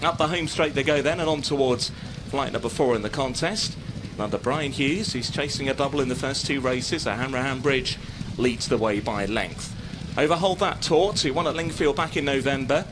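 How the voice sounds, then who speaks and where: A man giving live horse racing commentary as a steady running call of the field. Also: mid-range voice, normal speed, background noise.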